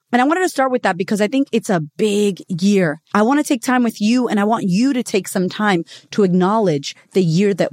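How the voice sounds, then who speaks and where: A woman hosting a casual motivational podcast, candid and expressive, who swears freely and acts out the voices in her stories. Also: mid-range voice, no echo, clean studio sound. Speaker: podcast host.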